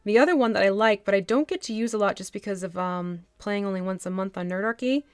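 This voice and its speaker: A woman's voice: mid-range voice, fast, smooth, no room sound, studio quality. A woman from the United States chatting casually with her live-stream audience while painting a miniature. She talks to the chat as she works and laughs often. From United States (Texas, then New Jersey).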